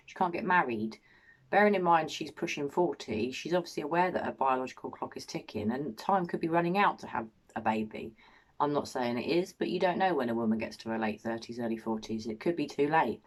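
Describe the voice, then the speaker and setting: A woman hosting a commentary channel, reading a statement aloud and reacting with emotional indignation. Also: low-pitched. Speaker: commentary host.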